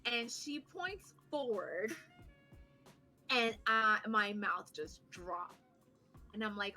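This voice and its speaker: Bright-voiced woman telling a wild story. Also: a little high, takes it slowly, long pauses, faint music behind. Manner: animated, swearing, self-mocking storyteller. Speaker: podcast co-host. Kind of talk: casual storytelling chat.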